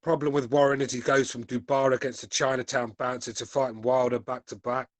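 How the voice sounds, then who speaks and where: Casting: blunt, sweary British male host, forties, mid-pitched, dry close-mic sound. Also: level tone, fairly quick, no echo. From United Kingdom. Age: 40s. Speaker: podcast host reading chat. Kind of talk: casual chat.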